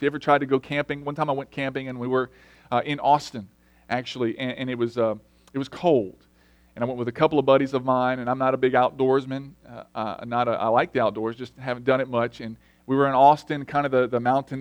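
A middle-aged man delivers a sermon with an earnest, storytelling manner, his voice sitting somewhat high for a man. He swings between hushed asides and emphatic lines. The sound is dry and close, with no room echo. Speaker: lay preacher.

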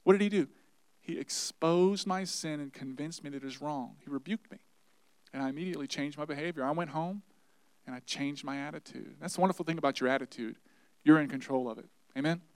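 Male pastor, sermon, fairly high voice, dry close sound, earnest, soft then emphatic. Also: brisk, no echo. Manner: earnest storytelling preacher, shifts between quiet and emphatic.

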